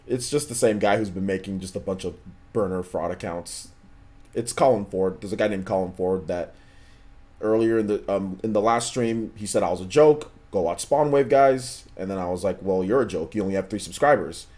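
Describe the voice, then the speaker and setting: Laid-back low-voiced male streamer. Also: moderate pace, mellow. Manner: laid-back, slangy, repeats himself. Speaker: livestream host. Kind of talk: casual livestream chat, reading chat messages.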